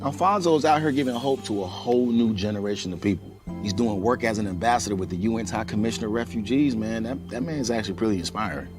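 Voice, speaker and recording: An actor playing a boastful young soccer fan trading comebacks with a friend in a commercial. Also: male voice, on the low side, over music, lightly acted. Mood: banter. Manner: quick banter, boastful. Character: cocky young soccer-loving man, sharp comebacks.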